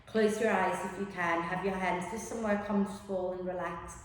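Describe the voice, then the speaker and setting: A woman yoga teacher giving slow, gentle breathing and relaxation instructions. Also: fairly low pitch, fairly even intonation, far from the mic. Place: yoga studio. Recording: very echoey room with long reverb, faint noise.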